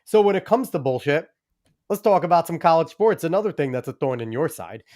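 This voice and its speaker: A man co-hosting a podcast, talking casually, blunt and quick to swear. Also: on the high side, expressive, a little mellow. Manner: blunt, swears freely, talks over others. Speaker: podcast co-host.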